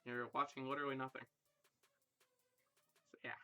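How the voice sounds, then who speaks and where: Chatting live with his viewers, this young host from Ireland rambles and pokes fun at himself. He speaks at normal speed in a medium-pitched, level voice that's bright, forceful, and smooth.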